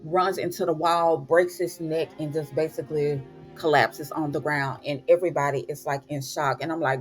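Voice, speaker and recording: A woman's voice: low voice, steady tone, normal speed, soft background music. Chatty woman recapping a show. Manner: chatty, folksy asides like "honey" and "child". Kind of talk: casual recap chat.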